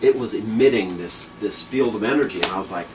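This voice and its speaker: A man's voice: lowish voice, fairly quick, noisy background. Rambling man telling a story far from the mic. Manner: rambling, laughing, swearing. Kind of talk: casual story telling among friends.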